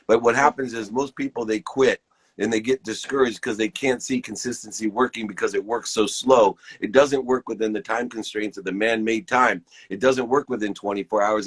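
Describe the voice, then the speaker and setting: A man's voice: fairly low pitch, brisk, fairly bright tone, breathy edge. A man in his fifties giving an enthusiastic, preachy pep talk to viewers on a live stream, hosting it from his phone. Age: 50s.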